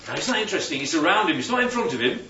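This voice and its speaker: A man's voice: a little high, big pitch swings, rapid-fire, bright, forceful tone. A man leading a Bible study, teaching and quizzing the group with questions. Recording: roomy, distant, dull sound.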